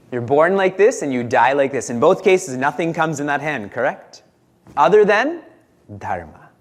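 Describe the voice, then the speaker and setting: A man's voice: a little high, lively intonation, a little slow, pauses often. A man who is a spiritual teacher, giving a conversational discourse at a retreat, asking his listeners questions and chuckling often.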